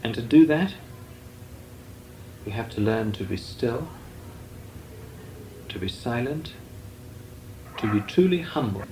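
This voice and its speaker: An older man teaches meditation in a slow, deliberate voice, his pitch rising and falling expressively. The recording is roomy and echoey, with a faint hiss beneath it. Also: animated. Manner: measured, deliberate, with long pauses. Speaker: Benedictine monk teaching meditation. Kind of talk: slow meditative spiritual talk. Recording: echoey room with faint noise.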